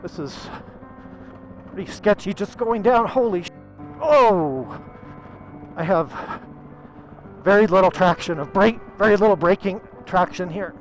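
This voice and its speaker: A man's voice: high-pitched, moderate pace, soft background music, poor audio. A man vlogging his motorcycle ride over a mountain pass outdoors, talking casually and exclaiming with open emotion. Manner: excitable, exclaiming, openly emotional. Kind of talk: casual narration while riding.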